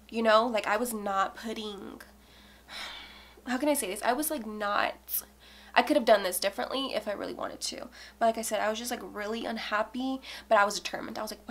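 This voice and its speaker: A woman's voice: a little high, brisk, a bit bright. A woman in her twenties from Texas, telling her story in a candid, casual vlog chat, swearing freely and saying "like" often. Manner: candid, swears a lot, fillers like "like". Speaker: beauty vlogger.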